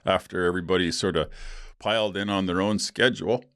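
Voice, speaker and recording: A man's voice: deep voice, fairly even intonation, fairly quick, fairly bright tone, smooth, no echo. A middle-aged man hosting a podcast, telling a story in a loose, rambling way with lots of fillers and restarts and some blunt swearing. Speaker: podcast host. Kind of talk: casual storytelling.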